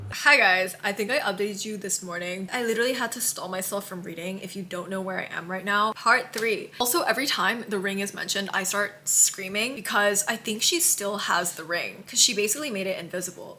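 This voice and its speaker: Bright-voiced woman gushing over a book. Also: medium pitch, moderate pace, a little hiss or hum. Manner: gushing and emotional about a book. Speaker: book vlogger. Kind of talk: casual reading-vlog chat.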